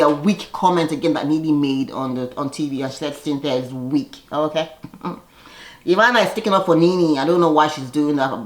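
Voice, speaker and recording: With a fairly low voice and a roomy sound, a woman casually recaps an episode of reality TV. She's chatty and sassy, laughs a lot, and acts out the lines she quotes.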